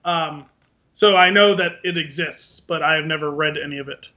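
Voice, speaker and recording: A man co-hosting a podcast in casual chat, animated and acting out movie scenes in funny voices. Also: a little high, moderate pace, lo-fi sound. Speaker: podcast co-host.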